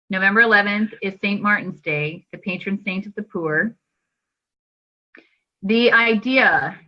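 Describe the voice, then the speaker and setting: A woman host chats casually with a mid-range voice, sounding enthusiastic and spiritual. The recording is dull and lo-fi. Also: medium pitch. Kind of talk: casual chat.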